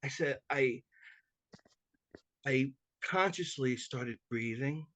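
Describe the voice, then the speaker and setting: A man's voice: medium pitch, takes it slowly. A man who works as a mediator, chatting as a podcast guest and telling stories eagerly, often restarting and repeating words as he goes. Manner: self-described talker, animated and chatty. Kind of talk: conversational interview storytelling.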